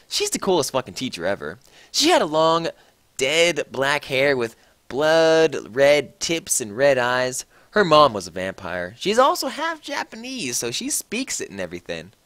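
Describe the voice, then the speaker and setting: A man's voice: on the high side, big pitch swings, unhurried, fairly bright tone, no echo. A man giving a mocking, exaggerated comedic reading of fan fiction, swearing freely. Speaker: reader.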